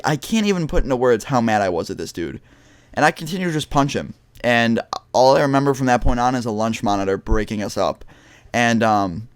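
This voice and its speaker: A man's voice: medium pitch, clear, resonant tone, no echo, clean studio sound. Young man telling a story, swearing bluntly. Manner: blunt, heavy swearing, many restarts. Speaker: vlogger. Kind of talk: casual storytelling to camera.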